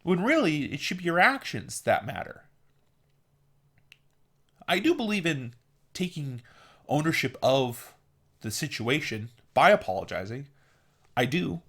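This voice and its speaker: A man's voice: a little high, big pitch swings, measured pace, long pauses, a bit bright, husky. Earnest opinionated man vlogging. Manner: earnest and opinionated, with mocking put-on voices. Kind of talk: casual opinion monologue.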